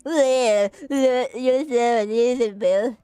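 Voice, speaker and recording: Streamer woman putting on a halting nerd classmate, slow, crisp, dry close sound, faint music behind. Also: on the high side, mellow, no echo. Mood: nervous. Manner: stammering, hesitant. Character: stammering nerdy young classmate. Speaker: streamer voicing a game character.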